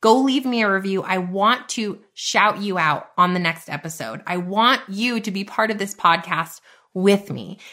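A woman's voice: medium pitch, sharp tone. A woman hosting her podcast in a bubbly, chatty way, full of y'all and like. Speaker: podcast host. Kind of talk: upbeat podcast monologue.

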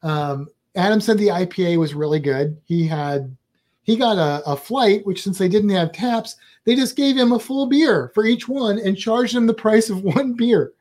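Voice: mid-range voice, animated, moderate pace, darkish tone. Vlog co-host: a rambling, chatty speaker with a medium voice and loose, playful asides. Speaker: travel vlogger. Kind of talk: casual chat.

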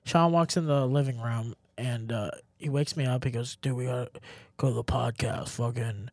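A man co-hosting a podcast in casual chat, joking and animated, laughing often. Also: medium pitch, normal speed, no room sound, studio quality. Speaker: podcast co-host.

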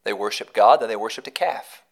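A man's voice: lowish voice, fairly quick, creaky. A man hosting a devotional podcast, telling a story in an earnest, emphatic way that leans on repetition. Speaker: podcast host and devotional speaker.

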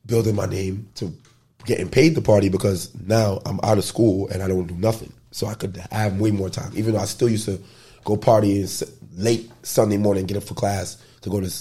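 Deep and breathy, the voice belongs to a Bronx, New York native who's a guest in a relaxed interview. His stories come out loose and animated, thick with slang and swearing.

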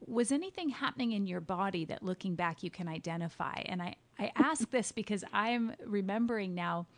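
A woman hosts a podcast, asking curious questions and slipping into lively storytelling. Her voice sits at a middle pitch and moves easily between questions and laughter. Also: fairly quick. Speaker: podcast host. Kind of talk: conversational interview.

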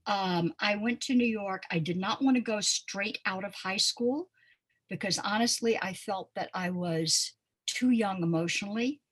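A woman's voice: mid-range voice, measured pace, slightly rough. An older woman from Pensacola, a dance teacher, recalling her past in an interview as a guest and telling stories with frequent ums and uhs. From Pensacola, Florida. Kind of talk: reminiscing conversational interview.

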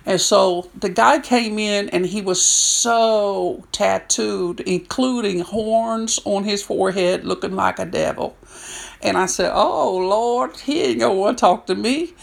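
A woman in her sixties, a prison chaplain, telling stories in an animated way and acting out what people said. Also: medium pitch, measured pace, creaky. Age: 60s. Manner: animated storyteller, acts out quotes. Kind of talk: storytelling talk.

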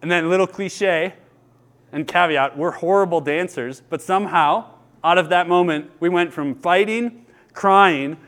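High-voiced man preaching a sermon. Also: unhurried. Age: 30s. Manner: earnest, storytelling, lively with laughter. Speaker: pastor. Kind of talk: sermon with personal stories.

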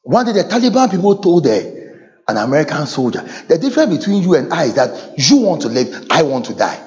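A man preaches with wild swings in pitch, from low, confiding asides to sudden high shouts. His voice sits a little high. The recording is dull and lo-fi. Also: big pitch swings, brisk. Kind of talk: sermon.

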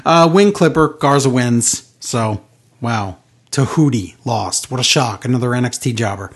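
A man's voice: mid-range voice, moderate pace, slightly rough. A man hosting a casual wrestling podcast, giving sarcastic recaps with mocking impressions. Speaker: podcast host.

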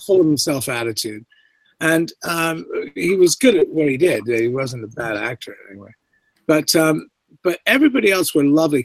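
A man's voice: fairly high pitch, no room sound, poor audio. Canadian man with a faint English lilt. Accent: Canadian with a faint English inflection. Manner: rambling, many restarts and asides. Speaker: guest actor. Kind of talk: casual interview chat.

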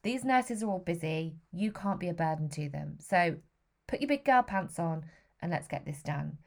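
A woman's voice: fairly low pitch, expressive, moderate pace, vocal fry, a little mellow. A woman in her thirties telling a personal story in a frank, emotional way, with the odd swear word. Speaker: vlogger.

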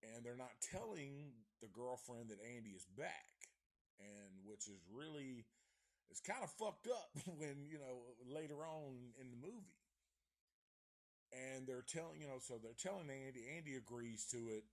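A man's voice: mid-range voice, animated, a little slow. A man reviewing a horror movie on a live stream, rambling and swearing casually as he retells the plot. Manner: rambling, profane, laid-back storytelling.

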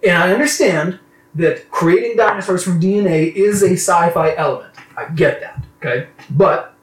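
A man's voice: high-pitched, normal speed, recorded from a distance. A man co-hosting a casual podcast, talking animatedly and laughing often. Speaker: podcast host. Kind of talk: casual chat. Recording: roomy echo, off-mic.

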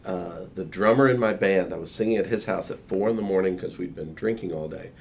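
Deep gravelly baritone man telling stories. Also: a little fast, a little hiss or hum. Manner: animated anecdote-telling with laughs and quoted voices. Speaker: guest. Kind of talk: casual storytelling.

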